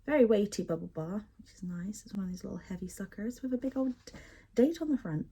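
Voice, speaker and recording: A woman's voice: mid-range voice, fast, warm tone, husky. A young woman chatting casually and expressively as she unboxes and sniffs bath products, often poking fun at herself. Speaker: beauty product unboxing vlogger.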